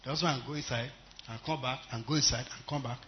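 A man preaching a sermon with a Nigerian English accent, swinging between loud exhortation and quiet storytelling, in a church service. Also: mid-range voice, steady tone, fast, a little hiss or hum. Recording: muffled recording.

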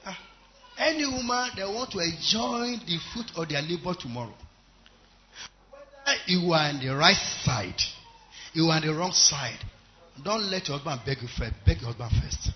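Emphatic Nigerian preacher, muffled. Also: male voice, on the high side, lively intonation, normal speed, pauses often, slight background noise. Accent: Nigerian English. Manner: emphatic, swings between loud exhortation and quiet storytelling. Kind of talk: sermon. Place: church service. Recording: muffled recording.

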